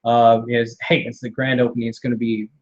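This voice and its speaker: A man's voice: mid-range voice, flat delivery, a little fast, dull audio. Laid-back man hosting a wrestling show. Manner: laughs often, easygoing, wraps up segments. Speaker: wrestling radio host. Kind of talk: casual interview chat.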